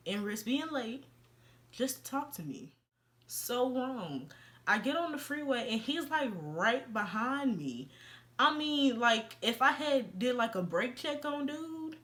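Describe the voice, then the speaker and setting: A young woman tells a story in casual vlog style, her voice sitting a little high. She speaks, mixes in plenty of slang and jumps into the voices of the people in her tale. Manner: animated, slangy, acts out quoted dialogue. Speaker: vlogger.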